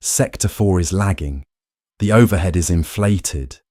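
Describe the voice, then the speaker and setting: A man voicing a poised woman finance chief who speaks in a calm, clipped, controlled manner. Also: low voice, measured pace, no room sound, clean studio sound. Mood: confident.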